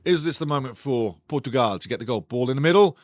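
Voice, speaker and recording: A man's voice: medium pitch, animated, quick pace, no room sound. A man hosting a live match watch-along, commenting on the play and talking passionately to his chat. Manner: passionate, talks straight to chat; ranting, indignant.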